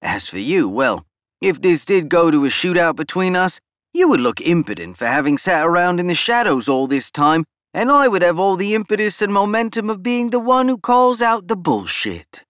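An arrogant, scheming politician, put on by a male narrator for an audiobook. He snaps his words out boastfully, pitched noticeably above the narrator's own voice. The sound is close and dry. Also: very animated, normal speed, a bit bright, no echo. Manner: snapping, boastful, raised pitch.

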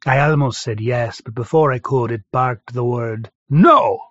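Man, audiobook narrator, first-person story, measured delivery, dead-dry room, slightly dull sound. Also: mid-range voice, fairly even intonation, dry recording.

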